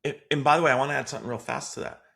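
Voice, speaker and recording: A man's voice: mid-range voice, fairly even intonation, very fast, vocal fry, sharp tone. A man who is a guest on a sales podcast, giving advice in a confident, emphatic way. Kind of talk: casual interview chat.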